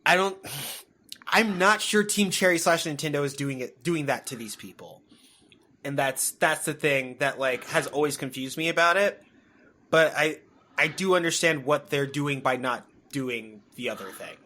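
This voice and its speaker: Guy cohosting a podcast, kinda high pitched, swears a lot, rambly casual talk. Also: moderate pace, a little hiss or hum. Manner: rambling, swears freely, bursts into loud laughter. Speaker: podcast co-host. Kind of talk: casual chat.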